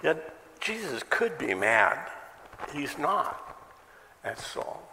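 A man's voice: a little high, sing-song, extremely slow, creaky, sharp tone, in a large hall, a little hiss or hum. A male pastor preaching a sermon in a conversational way, asking many questions and adding self-deprecating asides. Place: church sanctuary.

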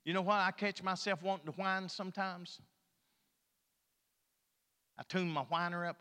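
A man's voice: sits high, steady tone, moderate pace, long pauses, clear, resonant tone. Folksy preacher man in a reverberant hall. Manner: folksy, joking, swings between loud and soft. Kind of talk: sermon.

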